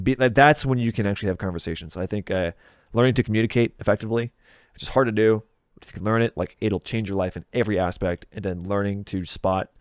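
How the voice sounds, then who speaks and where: A man's voice: on the low side, a little mellow, clean tone, no room sound, studio quality. A man in his thirties, a podcast guest, talking loosely and candidly in casual conversation, swearing freely and laughing at himself. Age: 30s. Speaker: podcast guest, video game content creator. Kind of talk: casual interview chat.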